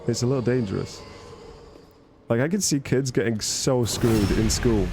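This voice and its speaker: A man chats casually while he plays a game on stream. He rambles, jokes and breaks off his own sentences, in a mid-range voice. The home recording carries a clear noise hiss behind him. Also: medium pitch, moderate pace. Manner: rambling, self-interrupting, jokey. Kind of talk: casual gaming stream chat.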